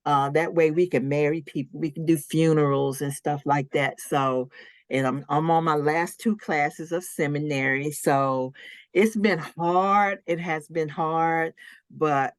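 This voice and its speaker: A woman's voice: low-pitched, steady tone, measured pace, dry recording, clean studio sound. A woman, a licensed minister, telling her personal testimony in an interview in an earnest way, acting out her own past words with sudden rises in voice.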